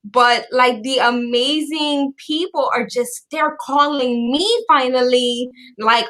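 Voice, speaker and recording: A woman host chatting casually on a video call, bubbly and animated, laughing often as she tells stories. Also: high-pitched, measured pace, hardly any pauses. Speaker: podcast host.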